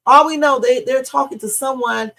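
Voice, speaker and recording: Blunt gravelly woman streamer. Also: sits high, moderate pace, fairly bright tone, low-quality recording. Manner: blunt, opinionated, frequent "okay?" asides, swears. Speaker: reaction streamer. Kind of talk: casual true-crime reaction commentary.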